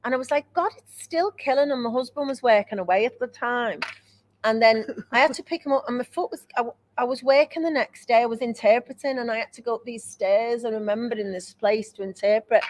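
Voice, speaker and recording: A woman's voice: on the high side, steady tone, fast, a little hiss or hum. Laughing, self-mocking woman. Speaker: podcast co-host. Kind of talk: casual chat, storytelling.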